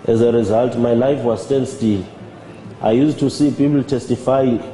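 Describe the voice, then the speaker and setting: A man giving a measured, halting personal testimony as a church member. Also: medium pitch, steady tone, mellow. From South Africa. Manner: measured, halting, with repeated words. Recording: roomy with long reverb and faint music.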